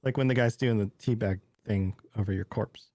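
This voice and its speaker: A man's voice: fairly low pitch, fairly quick, warm tone, dry recording. A man co-hosting a gaming podcast in casual chat, tossing in teasing wisecracks. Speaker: podcast co-host.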